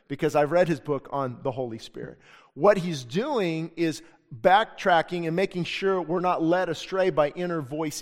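A middle-aged man preaching a sermon as pastor in a church, earnest and conversational, telling stories from his own life. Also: a little high. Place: church sanctuary. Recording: long church hall reverb.

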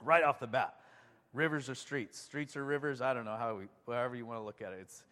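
A man's voice: mid-range voice, quick pace, bright, forceful tone, long reverb tail. A man preaching a sermon in a conversational and enthusiastic way, often putting questions to his congregation. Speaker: pastor.

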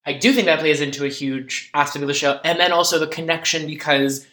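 Man, podcast co-host, bright forceful voice, chatty with fillers, echoey room. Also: a little high. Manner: chatty, quick asides with fillers. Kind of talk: casual recap chat. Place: recorded in person in a room. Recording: echoey room, dodgy audio.

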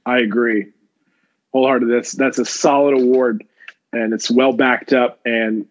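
A man's voice: medium pitch, flat delivery, normal speed. Laid-back swearing man, muffled audio. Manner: swears often, repeats himself, laughs. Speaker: podcast co-host. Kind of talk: casual chat.

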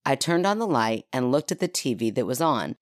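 A woman's voice: a bass voice, big pitch swings, fairly quick, no room sound, studio quality. A woman hosting a podcast, chatting casually with laughing asides and reading out a listener's story. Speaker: podcast host.

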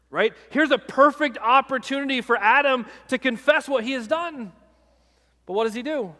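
A man's voice: very high-pitched, moderate pace, bright, forceful tone, big-room sound. A man, a pastor, preaching a sermon in a conversational way, often checking in with the congregation.

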